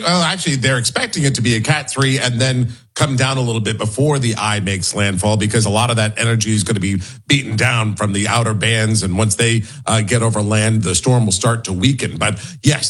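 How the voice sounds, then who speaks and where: A man on a talk radio show explaining the news in a steady, informative way. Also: mid-range voice, husky. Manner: informative, steady, a few restarts. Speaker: news reporter.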